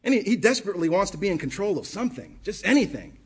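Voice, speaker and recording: Male pastor, sermon delivery, husky tone, pitched a bit high, impassioned and repetitive for emphasis. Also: big pitch swings, rapid-fire. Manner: impassioned, rhetorical questions, repeats phrases for emphasis.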